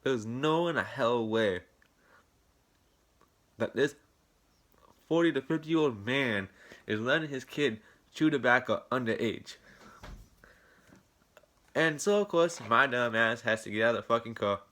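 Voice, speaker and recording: A man's voice: medium pitch, a little slow, long pauses, fairly bright tone. A young man telling a storytime tale to camera, rambling and indignant, swearing often. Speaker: vlogger. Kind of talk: casual storytime rant.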